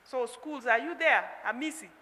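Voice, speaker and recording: A woman, a county education director, gives instructions in a direct way. Her voice is bright and a bit high. The hall adds a long reverb. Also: normal speed. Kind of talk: official address.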